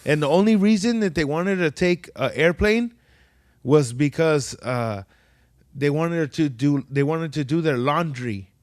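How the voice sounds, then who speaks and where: Man, podcast guest, fairly high voice, profane storytelling, animated quotes, dry close sound. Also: a little slow, no echo. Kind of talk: casual chat.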